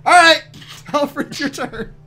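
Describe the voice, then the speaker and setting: A man's voice: very high voice, slow pace, sharp tone. A man running a tabletop game online as game master, loose and chuckling, with many ums.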